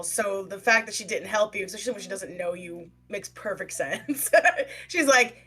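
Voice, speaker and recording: Bright-voiced woman explaining her character. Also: mid-range voice, moderate pace, husky, soft background music. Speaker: player. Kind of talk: tabletop role-play.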